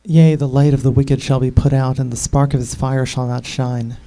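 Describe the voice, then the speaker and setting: This is a stern old male accuser from scripture, read aloud by a man. The voice is gravelly and very dark, with a solemn, weighty delivery. It sounds like a reading, not a performance. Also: mid-range voice, fairly even intonation, normal speed, pitched below the performer's own voice, natural voice, poor audio. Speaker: scripture reader.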